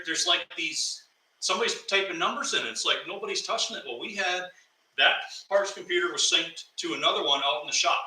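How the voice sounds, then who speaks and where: A man telling a workplace prank story in casual chat, animated and laughing as he goes. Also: fairly high pitch. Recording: echoey room, mic at a distance.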